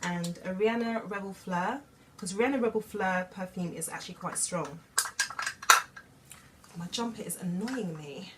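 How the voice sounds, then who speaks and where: A woman's voice: medium pitch, measured pace, pauses often, heavy background noise. Gushing woman vlogging from bed. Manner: chatty, gushing, trailing off and restarting. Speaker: beauty vlogger. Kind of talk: casual chat to camera. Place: in bed at home.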